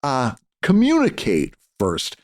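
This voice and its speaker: A man's voice: mid-range voice, huge pitch swings, slow pace. A middle-aged man co-hosting a podcast, giving earnest advice in casual chat with lots of fillers and restarts. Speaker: podcast co-host.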